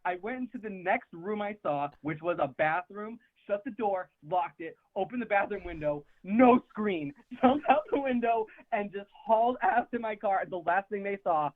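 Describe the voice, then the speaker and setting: A man's voice: high voice, animated, moderate pace, few pauses, dry recording. A young man calling in, telling a rambling, profane story and laughing as he goes. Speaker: caller. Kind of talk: casual storytelling. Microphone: phone. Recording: tinny phone line, dry.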